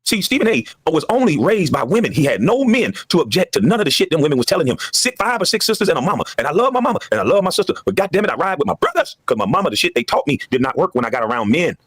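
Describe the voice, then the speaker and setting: A former basketball player in a heated podcast monologue, ranting with emphatic repetition. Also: male voice, fairly high pitch, very animated, racing, hardly any pauses, fairly bright tone, husky, no echo.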